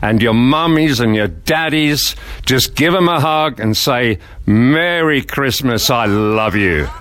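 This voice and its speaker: A man playing a jolly elderly Santa Claus as a studio guest, with a gentle, folksy, grandfatherly way of telling things. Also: medium pitch, lively intonation, slow, no echo. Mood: cheerful.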